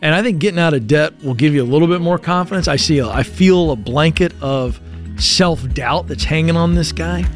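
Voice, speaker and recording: A man's voice: on the high side, fairly quick, soft background music. A man hosting a call-in advice show, talking directly and encouragingly in a no-nonsense way. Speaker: radio show host.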